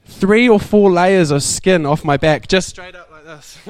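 Animated New man telling a sermon story. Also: sits high, measured pace. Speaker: preacher.

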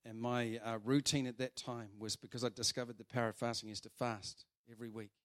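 A man over forty, preaching a sermon and telling a story with big swings between loud and soft. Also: mid-range voice, flat delivery, a little fast.

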